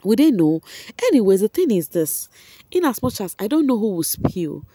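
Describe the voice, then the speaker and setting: A Nigerian woman commenting on a reality show in a casual, excitable way, laughing often and talking straight to her viewers. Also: mid-range voice, moderate pace, dry recording.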